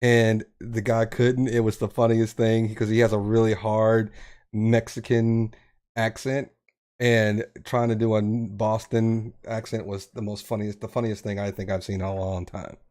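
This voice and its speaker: A man's voice: fairly low pitch, level tone, measured pace, a little mellow. A man from the US South with a Southern accent, hosting a casual chat and rambling as he searches for words. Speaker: podcast host.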